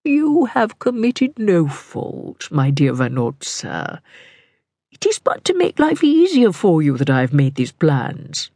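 Suave male cardinal, slow and condescending, read by a woman, dry close mic. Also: mid-range voice, no room sound. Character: suave, self-assured middle-aged male cardinal.

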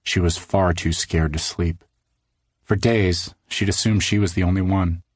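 A man narrating a children's audiobook in a studio, measured storytelling that slows for suspense. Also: deep voice, fairly even intonation, breathy edge, no echo. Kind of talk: scripted narration of a children's book.

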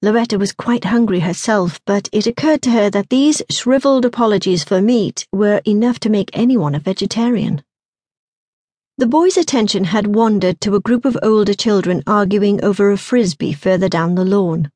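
A woman with a medium-pitched voice narrates an audiobook from a script, keeping her storytelling calm and even. The close studio mic gives a dry recording.

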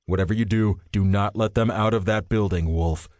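A man's voice: on the low side, fairly even intonation, normal speed, a little mellow, dry recording, studio quality, close to an everyday voice. A man voicing a stern, authoritative male agent in charge. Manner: curt, authoritative. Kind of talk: audiobook character voice.

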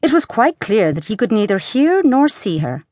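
A woman narrating a children's storybook audiobook in a lively, expressive reading. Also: fairly high pitch, normal speed, dry recording.

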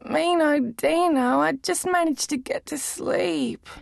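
A woman's voice: sits high, slow, gravelly, no echo, clean studio sound, voice pushed up, exaggerated voice. Woman voicing a weary, blunt teenage best friend.

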